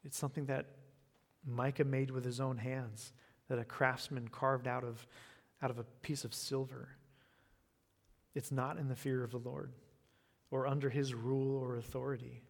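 An American man giving an evening sermon and closing prayer, in an unhurried, earnest way that often repeats words. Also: medium pitch, flat delivery, vocal fry. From United States. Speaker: preacher. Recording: long reverb of a hall.

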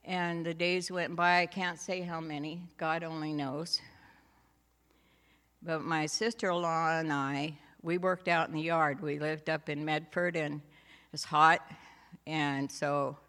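Slow-talking woman in a reverberant hall. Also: deep voice, flat delivery, a bit bright. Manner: slow, homey storytelling with laughs and asides. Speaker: church speaker giving a testimony. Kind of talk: personal faith testimony.

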